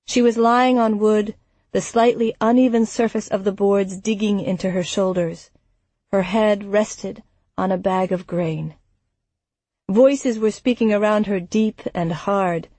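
A woman narrating a dark fantasy audiobook in a measured, even storytelling manner. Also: mid-range voice, no room sound. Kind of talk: scripted narration.

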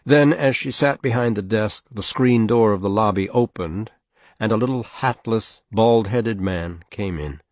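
A man narrating a novel as an audiobook in a measured, even storytelling manner. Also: on the low side, no room sound.

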